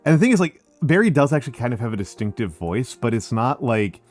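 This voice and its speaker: A man's voice: mid-range voice, big pitch swings, fast, a little mellow, faint music behind. A man hosting a stream, chatting casually and laughing often. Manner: laughs often, loose and joking. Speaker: streamer host.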